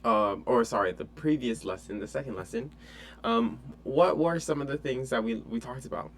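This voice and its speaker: A man teaching an online French lesson in a relaxed, chatty way with many fillers. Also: medium pitch, moderate pace, gravelly.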